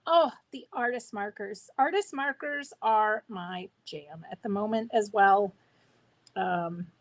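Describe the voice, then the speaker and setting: A woman hosting a live crafting stream, chatting with viewers in a bubbly, enthusiastic way while she works. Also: sits high. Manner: talks to viewers while working. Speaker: craft livestream host. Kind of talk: live crafting demo chat.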